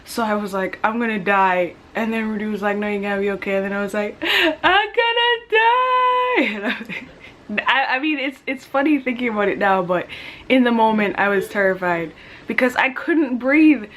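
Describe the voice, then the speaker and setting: A woman's voice: medium pitch, fairly quick, slight background noise. Young woman vlogger telling a story. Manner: animated, acts out her own cries and quotes. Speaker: family vlogger. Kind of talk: casual storytelling to camera.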